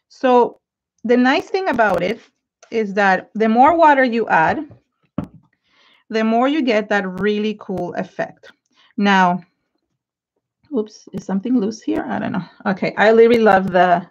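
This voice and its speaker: A woman hosting a live craft tutorial, chatting effusively and thanking viewers by name as she paints. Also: on the high side. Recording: slightly dull home live-stream audio.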